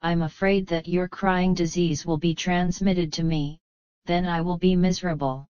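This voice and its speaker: A woman's voice: lowish voice, fairly even intonation, moderate pace, darkish tone, smooth, no echo, close to an everyday voice. A woman reading the lines of a cheeky, mischievous young male martial hero in a plain storybook voice. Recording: slightly dull, muffled.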